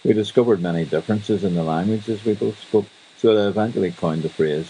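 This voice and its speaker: A Northern Irish man rambles through a casual radio chat with dry humour. His voice sits very low with a gravelly fry and a dark, mellow colour. Faint hiss runs under the recording. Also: brisk, low-quality recording. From Northern Ireland. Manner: chatty, wry storytelling. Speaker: radio host. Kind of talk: casual monologue.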